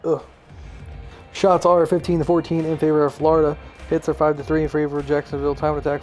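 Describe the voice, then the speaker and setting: A young man giving live play-by-play of a video game hockey match, fast-paced and steady as he tracks each pass and save. His voice sits a touch high but sounds mellow and soft rather than bright, and faint music plays behind him. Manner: rapid play-by-play, rising excitedly on shots and goals. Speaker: play-by-play commentator.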